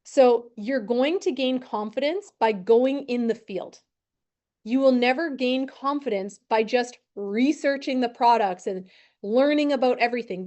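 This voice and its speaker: Woman, 30s, financial advisor trainer, upbeat anecdotal talk, slightly high pitch. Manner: lively anecdotal storytelling with acted quotes and laughs. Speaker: insurance and financial advisor training new agents. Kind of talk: storytelling talk to a team.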